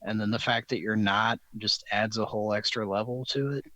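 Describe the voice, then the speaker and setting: A man's voice: fairly low pitch, fairly even intonation, fairly quick, sharp tone, no room sound, low-quality recording. A man hosting a live comedy show, talking in a wry, amused, rambling way. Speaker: host. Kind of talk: casual banter on a live show.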